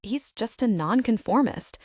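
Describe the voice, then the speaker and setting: A woman's voice: fairly high pitch, lively intonation, a little slow, darkish tone, no room sound, studio quality, pitched above the performer's own voice. A woman voicing a prickly, guarded teenage vampire girl in an audiobook, curt and defensive.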